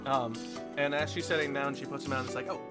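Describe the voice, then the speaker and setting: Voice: medium pitch, flat delivery, fast talker, over loud music. A game master narrating scenes in a tabletop role-playing game, with frequent "uh"s. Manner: descriptive, with filler "uh"s.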